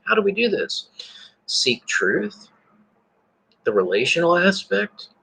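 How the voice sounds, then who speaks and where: Guy rambling on to his viewers, kinda raspy, bright edgy tone, lots of restarts. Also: sits high, sing-song, a little fast, poor audio. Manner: rambling, repeats words and restarts, laughs to himself. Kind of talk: casual spoken monologue.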